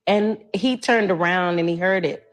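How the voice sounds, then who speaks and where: A woman's voice: on the low side, moderate pace. A woman telling a personal relationship story in an earnest, heartfelt and tearful manner.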